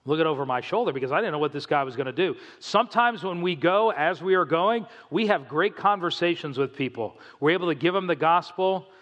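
A pastor delivering a sermon, telling stories with animation and acting out the voices of the people in them. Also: male voice, a little high, fairly quick, hardly any pauses, in a large hall, lo-fi sound. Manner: animated storytelling, acts out quoted voices.

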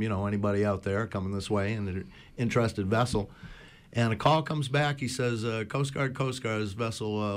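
A man's voice: lowish voice, smooth. A man telling rambling boating anecdotes on a community radio talk show, full of fillers. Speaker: boat talk show regular. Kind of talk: casual storytelling on community radio.

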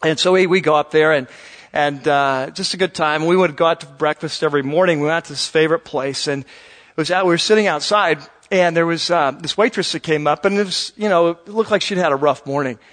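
A male pastor telling a story to his congregation at a church service, animated and chatty with frequent uhs. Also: a little high, brisk.

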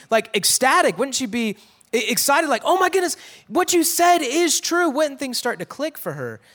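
A man with a high voice walks through a Bible passage like he's chatting with friends. He acts out the characters' lines with a lift in pitch, then drops quiet and soft when he wants a moment to land. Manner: conversational, acts out quotes in a raised voice, drops to a hush for emphasis. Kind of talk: casual Bible teaching.

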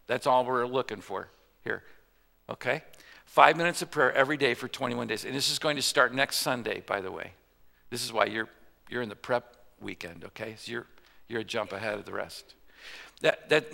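A man's voice: mid-range voice, gravelly, pushed and bright. A man preaching a sermon in a conversational way, joking and asking the congregation questions. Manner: conversational with jokes and rhetorical questions. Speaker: pastor. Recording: reverberant church hall.

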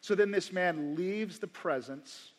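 A male pastor preaching a sermon to a congregation, emphatic, slowing down to repeat key phrases. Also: high voice. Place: church sanctuary before a congregation. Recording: long reverb of a large church hall.

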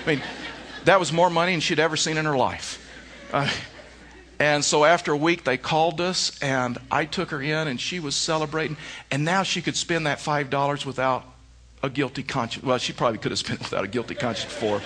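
A man's voice: on the high side, a little fast, fairly bright tone. A middle-aged male pastor preaching a sermon, telling stories with emphatic repeated phrases. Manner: storytelling with emphatic repetition.

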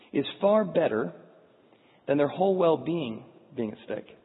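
A man preaching a sermon, telling stories in an animated way with frequent restarts. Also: a little high, moderate pace, breathy edge. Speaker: pastor. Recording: phone-like sound in echoey hall.

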